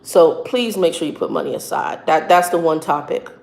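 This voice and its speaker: Recorded in an echoey room, this truck driver and minister speaks in a low, darkish voice. She offers earnest, casual advice, frequently halting and repeating herself.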